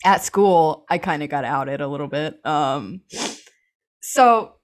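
Chatty young woman, low voice. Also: slow. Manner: chatty, full of "like" and "um", laughs often. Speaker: interview guest. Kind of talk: casual personal storytelling.

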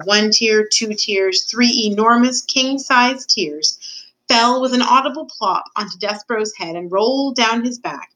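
A woman's voice: medium pitch, fairly bright tone, poor audio. A woman, a student, reads a children's novel aloud carefully, now and then stumbling over a word. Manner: careful reading with occasional stumbles. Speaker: student reader.

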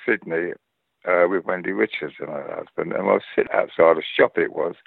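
A man's voice: low voice, brisk, gravelly, dry recording, phone-quality sound. An older man with a Cockney London accent, a guest actor telling rambling anecdotes in casual chat. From London, England. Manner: rambling storyteller, lively, restarts often.

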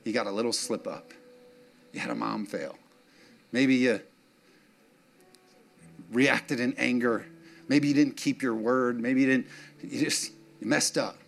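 A man's voice: medium pitch, slow, gravelly, pauses often, soft background music. A man delivering a sermon as a pastor, preaching conversationally and emotionally, with laughing asides to the congregation.

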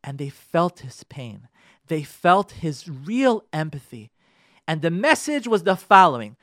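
A man, a rabbi on a radio show, urging his listeners in an impassioned talk, repeating his key points and swinging from loud pressing to soft pleading. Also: on the high side, big pitch swings, unhurried, no echo, studio quality.

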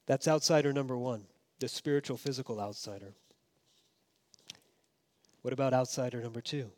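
Moving at a moderate pace, a man preaches as pastor, his sermon shifting from emphatic, loud stretches to hushed, low-voiced asides.

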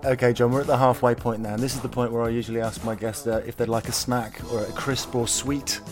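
A man's voice: medium pitch, little pitch movement, fast, over music. A man hosting a podcast, with a dry, laid-back way of talking. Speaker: podcast host. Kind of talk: casual chat.

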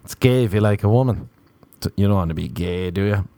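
A man's voice: on the low side, fairly quick, creaky, mellow, no room sound. A young Irish man doing a rambling, sarcastic, self-mocking comedic monologue. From Ireland.

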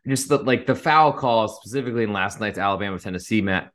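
A man's voice: lowish voice, quick pace, fairly bright tone. A man co-hosting a sports betting podcast, easygoing and hedging his points with fillers. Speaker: podcast co-host. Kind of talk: casual sports betting chat.

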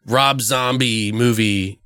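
A man's voice: medium pitch, steady tone, slow pace, pushed and bright, smooth, no room sound, studio quality. A man hosting a casual horror film podcast, rambling through a story and swearing freely. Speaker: horror movie podcast host. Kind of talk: casual chat, film review.

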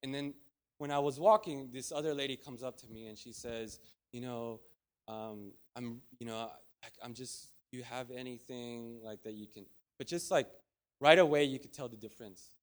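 A man's voice: mid-range voice, normal speed. A man preaching in a conversational, storytelling way, full of restarts and asides. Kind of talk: storytelling sermon.

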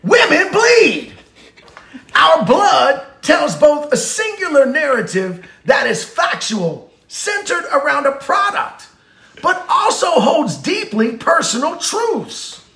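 A man putting on an intense male movie-star impression while reading aloud slowly and emphatically. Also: extremely high pitch, big pitch swings, bright, forceful tone, roomy sound, pitched above the performer's own voice, heavily acted. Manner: slow, drawn-out, emphatic reading.

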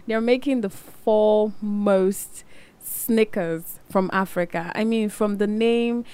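A woman hosts a podcast from a studio, chatting with her guest. She talks in a lively, animated way and laughs easily. Her voice sits in a middle pitch. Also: slow, clean tone. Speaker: podcast host. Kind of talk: casual interview chat.

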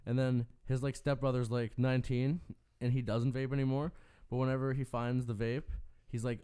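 A young man chatting casually on a podcast in a smooth, clear voice at an even middle pitch. He tells his stories in a laid-back way and swears as he goes. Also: moderate pace. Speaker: podcast co-host. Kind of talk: casual chat.

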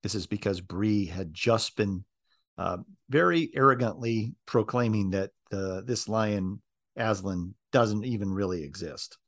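A man preaching in a reflective way, reading from a book aloud and pausing with ums and uhs. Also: fairly low pitch. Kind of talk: sermon with read-aloud passages.

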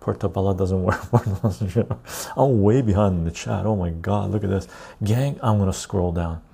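A man's voice: low-pitched, unhurried, vocal fry, mellow, breathy edge. A man hosting a live stream, chatting loosely with viewers and reading their comments aloud. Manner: loose and chatty, reads the chat aloud, says "right?" often.

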